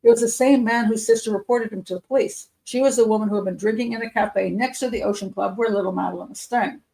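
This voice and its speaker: Woman, gravelly voice, live show host, reads news aloud, skeptical asides. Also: mid-range voice, fairly even intonation, fast talker, dark tone, rough recording. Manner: skeptical, muttering asides and self-corrections. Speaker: criminal profiler hosting a live show. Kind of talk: reading news aloud with running commentary.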